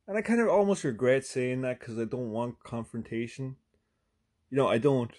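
A man's voice: medium pitch, a little fast, a little mellow. A man with an Irish accent, hosting a podcast and telling a profane comic story in a chatty way, full of "right?" asides and sudden bursts of emphasis. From Ireland. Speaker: podcast host.

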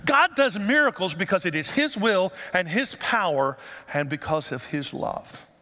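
A male pastor giving an animated sermon in a church sanctuary and asking the congregation rhetorical questions. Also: sits high, measured pace. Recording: long hall reverb.

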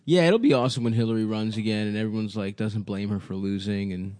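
A man's voice: fairly low pitch, fast talker, a little mellow, no echo. A young man co-hosting a comedy podcast, making crude offhand jokes and laughing easily. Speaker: podcast co-host. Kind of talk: casual comedy chat.

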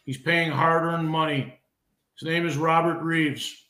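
Brief: emotional middle-aged veteran wrestler, a touch high, impassioned with stumbling restarts, echoey room. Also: male voice, flat delivery, measured pace, pushed and bright. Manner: impassioned, repeats and restarts words. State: emotional, getting heated. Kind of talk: podcast interview.

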